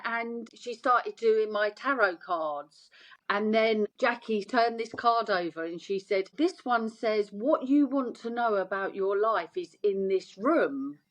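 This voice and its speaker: A middle-aged woman, a guest telling her story in an interview and acting out the voices of the people in it. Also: medium pitch. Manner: animated, acts out quoted voices.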